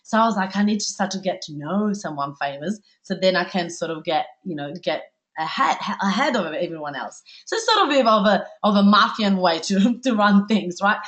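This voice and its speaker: An Italian-accented woman hosts a live online webinar, talking eagerly and chattily to her audience. Her pitch sits at an ordinary middle height for a woman, and she often checks in with a questioning "right?". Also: lively intonation, a little fast, a bit bright. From Italy. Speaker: webinar host, life coach.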